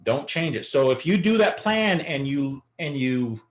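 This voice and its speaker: A man's voice: on the high side, animated, measured pace. A man teaching a live beginner day-trading lesson, coaching and talking through chart examples. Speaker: trading instructor.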